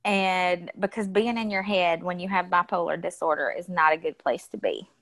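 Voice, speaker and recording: A woman's voice: lowish voice, moderate pace, fairly bright tone. A woman speaking as a podcast guest, blunt and outspoken, swearing freely in casual conversation. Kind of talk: casual interview chat.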